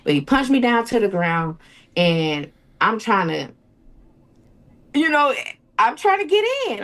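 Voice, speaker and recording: Her medium-pitched voice is sing-song and a bit bright, at a moderate pace. A young woman being interviewed, she describes an ordeal emotionally, circling back, restarting, and imitating others' voices as she quotes them.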